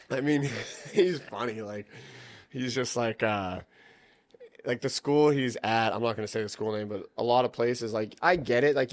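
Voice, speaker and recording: A young man chatting on a podcast, telling rambling stories full of swearing and filler words. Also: on the low side. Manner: rambling storytelling, heavy swearing, lots of "like". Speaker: podcast guest, jiu-jitsu athlete. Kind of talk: casual podcast chat.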